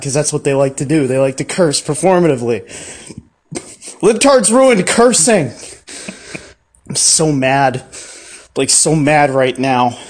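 A man's voice: mid-range voice, natural voice. A man voicing a whiny, furious young man who rants, swears and sputters in comic self-pity. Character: whiny, furious young man ranting about everything being ruined.

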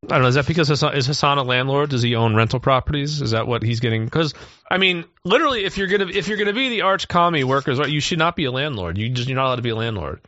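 Male host, expressive pitch, joking casual chat, dry close sound. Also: rapid-fire, no echo, dull audio. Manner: animated, joking. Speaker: podcast host.

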